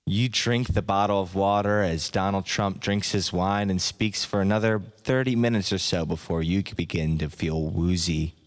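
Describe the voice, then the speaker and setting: Male narrator, low voice, slow hypnotic parody delivery, long echo tail. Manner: slow, soft, second-person hypnotic narration. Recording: long hall reverb.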